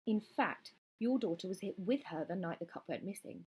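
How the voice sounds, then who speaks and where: A woman voicing a calm, firm, protective mother in a storybook reading. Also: medium pitch, normal speed, husky.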